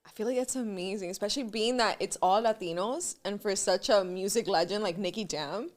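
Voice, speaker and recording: A woman's voice: medium pitch, fairly quick. A woman hosting a podcast interview, chatting casually and agreeably, mixing Spanish into her English. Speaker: podcast host.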